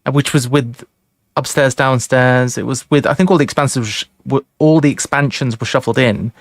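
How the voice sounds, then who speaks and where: A man's voice: mid-range voice, normal speed, no echo, clean studio sound. A man hosting a live board game stream, chatting casually and thinking aloud over his moves. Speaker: streamer host. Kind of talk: casual chat during an online board game.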